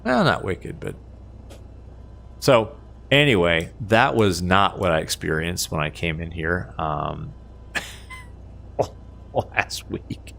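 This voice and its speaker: A man's voice: low-pitched, lively intonation, takes it slowly, vocal fry, long pauses, fairly bright tone. A man giving chatty, self-mocking live commentary as a flight sim streamer, laughing often at himself.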